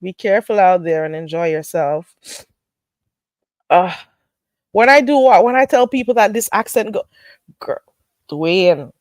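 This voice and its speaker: This is a woman hosting a casual livestream while she gets sick. Her talk is lively and swings up and down, slipping into patois and salty language. The sound is close and dry. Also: mid-range voice, a little slow, pauses often, dry recording. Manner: animated, swings into patois, swears freely, laughs often. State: getting sick. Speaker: livestream host.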